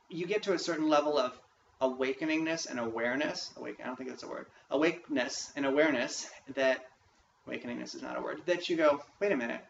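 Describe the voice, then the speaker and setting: A man's voice: medium pitch, creaky, a bit bright. Profane ranting man, echoey room. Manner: frustrated, profane, emphatic ranting. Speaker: vlogger. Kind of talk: ranting vlog monologue. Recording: echoey room, distant mic, dull faint hiss.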